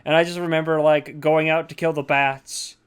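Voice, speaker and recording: Animated, profane man chatting about movies. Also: fairly high pitch, moderate pace, clean tone. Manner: profane, animated, acts out characters in mocking voices. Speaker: podcast co-host. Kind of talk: casual movie chat.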